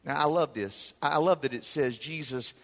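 A middle-aged male pastor preaching a sermon with emphatic swings between loud peaks and soft low asides. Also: normal speed, gravelly. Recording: hall reverb.

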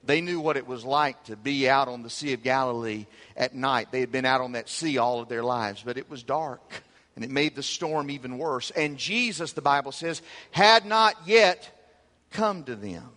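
A middle-aged male pastor preaching a sermon with emphatic swings between loud peaks and soft low asides. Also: fairly even intonation, normal speed. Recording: hall reverb.

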